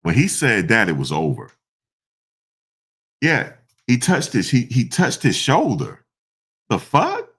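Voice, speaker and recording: A man giving casual, slangy reaction commentary, animated and repeating himself, often breaking into laughter. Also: fairly low pitch, measured pace, pauses often, husky. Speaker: online commentator.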